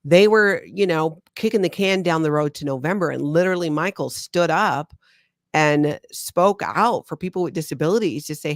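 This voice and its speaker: A woman co-hosting a casual chat, reading reviews aloud in an animated, self-mocking way with frequent laughs. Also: low-pitched, normal speed, no echo, clean studio sound. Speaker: co-host, former member discussing the church.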